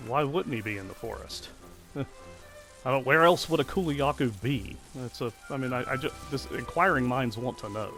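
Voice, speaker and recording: A man's voice: mid-range voice, normal speed, fairly bright tone, soft background music. A man casually commenting on his video game session, chatty and self-deprecating. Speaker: let's play host.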